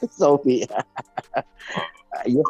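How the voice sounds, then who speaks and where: A man's voice: a little high, very slow, breathy edge, no echo, faint music behind. A man, chatting on a live stream and laughing a lot. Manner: giggly, excitable banter. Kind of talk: casual live-stream chat.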